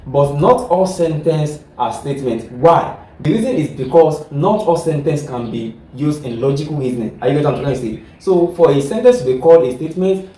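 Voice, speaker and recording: A man's voice: on the high side, mellow. A man teaching a logic lesson, repeating himself and often checking whether the students follow. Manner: repetitive, keeps checking understanding. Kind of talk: classroom lesson explaining logic. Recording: echoey room, mic at a distance, faint ambience.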